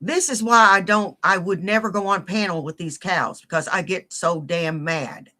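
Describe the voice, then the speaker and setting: A woman's voice: fairly low pitch, normal speed, sharp tone. A woman in a played clip, ranting furiously and cursing heavily as she accuses someone. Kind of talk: angry profane rant.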